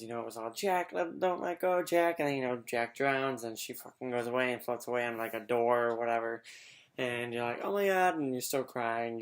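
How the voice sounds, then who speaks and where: Gushing, rambling young man vlogging. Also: mid-range voice. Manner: gushing, rambling, heavy on "like", swears. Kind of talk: casual vlog chat.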